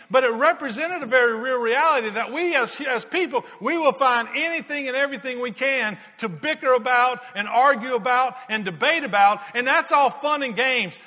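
A high-pitched, bright-toned middle-aged man preaches in a large church hall, and his voice trails off in a long reverb. He tells lively stories and doubles back on his words. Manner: lively anecdotes, repeats words, giggles at his own stories. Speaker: pastor. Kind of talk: sermon with storytelling.

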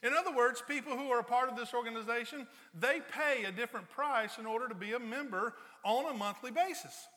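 A man's voice: very high voice, fairly quick, few pauses, pushed and bright, long reverb tail. A man preaching a conversational sermon as a pastor, telling everyday stories with playful sarcasm. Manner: joking storyteller, playful sarcasm.

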